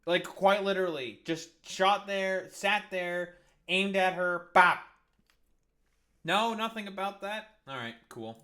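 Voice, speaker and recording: Profane ranting male commentator, high-pitched. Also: slow pace, bright, forceful tone. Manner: profane, sarcastic, heated. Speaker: political commentary streamer.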